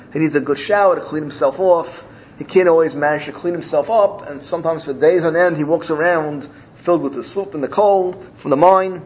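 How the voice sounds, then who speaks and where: A man's voice: on the high side, a little mellow, slight background noise, poor audio. A man giving a sermon, telling a parable and repeating phrases as he builds his point. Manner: storytelling, rising emotionally in places, repeating phrases. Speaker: rabbi.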